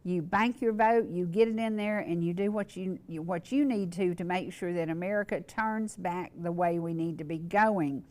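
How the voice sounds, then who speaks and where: A woman's voice: fairly low pitch, moderate pace, hardly any pauses, a little mellow. A woman hosting a local talk show, speaking earnestly and repeating words for emphasis.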